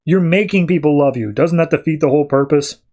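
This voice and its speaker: A man's voice: fairly high pitch, a little fast, a little mellow, lightly acted. Man doing a brash young heroine. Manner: casual, slangy. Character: young woman hero, tech-savvy and brash.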